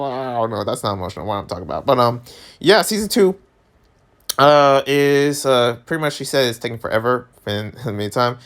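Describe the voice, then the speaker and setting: Animated ranting man vlogging. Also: brisk. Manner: animated, exasperated, pitch jumps high when worked up; laughs often, trips over words. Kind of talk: casual rant to camera.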